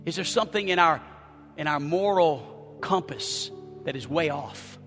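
Preaching pastor in an echoing hall. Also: male voice, a little high, lively intonation, measured pace, soft background music. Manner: swings from quiet confession to shouted scripture. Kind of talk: sermon.

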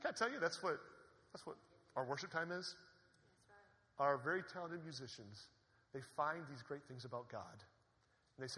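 A man preaching a sermon in an animated, conversational way, with asides to the congregation. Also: a little high, moderate pace, long pauses. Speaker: pastor. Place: church sanctuary. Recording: long hall reverb.

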